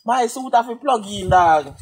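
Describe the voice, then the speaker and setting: A man chiming in excitably during casual livestream chat. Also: high-pitched, unhurried, husky.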